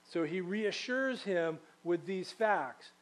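Slow-paced yet animated, a man with a high voice delivers a sermon. This pastor stays conversational, quizzing the congregation and adding relaxed asides.

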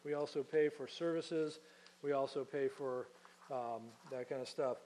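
A man's voice: medium pitch, steady tone, a little slow, dark tone, slight background noise, rough recording. A man preaching a sermon as pastor, teaching in a conversational way and putting questions to his congregation.

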